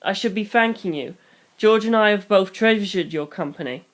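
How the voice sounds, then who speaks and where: A reader voicing a loving, wise foster mother who speaks in a soft, steady, reassuring way, in a fan reading of a novel. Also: mid-range voice, normal speed, lightly acted. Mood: comforting. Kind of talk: audiobook reading.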